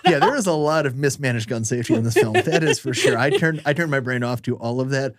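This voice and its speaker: Animated man co-hosting a movie podcast. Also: mid-range voice, fast, no room sound, clean studio sound. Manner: animated, laughs often, acts out movie lines. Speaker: podcast co-host. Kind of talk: casual movie discussion.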